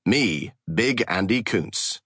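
A boastful, crude young podcast co-host with a low voice and a bouncing delivery, as a man reading the book plays him. He speaks unhurriedly, close to a dry mic. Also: lively intonation, slow pace, sharp tone, slightly rough, no room sound, exaggerated voice. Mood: brash. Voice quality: brash, boastful. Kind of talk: audiobook reading.

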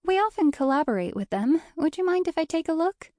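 A woman voicing a prim young female tour guide, speaking in a bright, sugary manner. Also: lively intonation, moderate pace, dry recording, clean studio sound, close to an everyday voice. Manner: bright, sugary, higher-pitched.

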